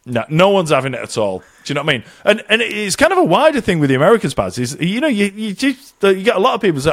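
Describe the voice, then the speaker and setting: Animated man ranting. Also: sits high, fast talker, hardly any pauses. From England. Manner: animated, swearing, tongue-in-cheek rants with put-on quotes. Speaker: podcast co-host living in Ireland. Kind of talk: casual podcast chat.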